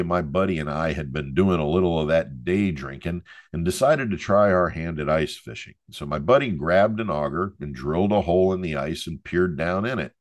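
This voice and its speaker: A middle-aged man hosts a podcast in a very low voice, spinning jokes and stories with a showman's patter. The sound is dry and close, with no room around it. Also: no echo. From Florida. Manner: jokey, storytelling showman patter. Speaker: podcast host. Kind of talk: hosted podcast monologue.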